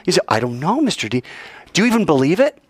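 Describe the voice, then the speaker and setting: Lively man teaching a Bible class. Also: a little high, quick pace, breathy edge, no echo. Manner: animated storyteller who acts out quoted voices. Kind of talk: informal sermon to a class.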